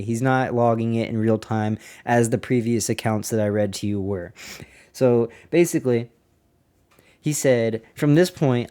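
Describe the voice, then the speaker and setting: A man's voice: medium pitch, smooth. A man hosting a casual podcast, reading an old diary aloud in a plain middle voice. He keeps breaking off to ask his listeners if they are following, sounding incredulous. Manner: animated, incredulous asides to listeners. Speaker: podcast host.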